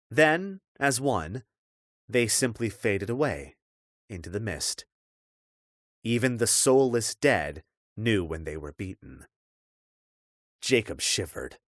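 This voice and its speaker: Low male audiobook narrator, lively melody, dry close sound. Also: no echo. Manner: measured, expressive storytelling. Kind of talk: scripted fantasy narration.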